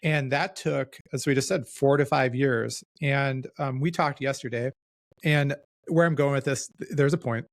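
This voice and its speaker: Podcast host: man, gravelly voice, reflective and self-deprecating, casual, dry close sound. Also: mid-range voice, steady tone, normal speed, no room sound. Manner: reflective, self-deprecating, talks in loose restarts.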